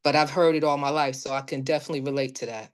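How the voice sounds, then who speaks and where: A woman from Brooklyn sharing a casual personal anecdote in an animated, chatty way. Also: rumbling low, rapid-fire. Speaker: participant.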